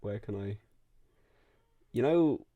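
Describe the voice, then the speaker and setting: A man's voice: fairly low pitch, animated, takes it slowly, no echo, narrow, tinny audio. A man giving casual studio feedback to a singer as a music producer, rambling and interrupting himself, with faint music and keyboard clicks behind. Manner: rambling, self-interrupting, repeats words.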